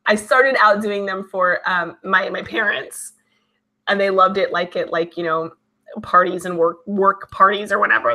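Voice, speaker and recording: Woman host, bright voice, casual live chat, talkative, lots of fillers. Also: medium pitch, normal speed. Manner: chatty, animated, many fillers. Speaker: channel host. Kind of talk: casual live chat reading viewer comments.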